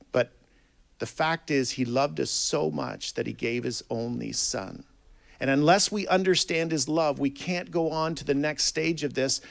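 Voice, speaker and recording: A man preaching a sermon in an earnest way, reading scripture aloud and swinging between quiet and loud emphasis. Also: mid-range voice, vocal fry.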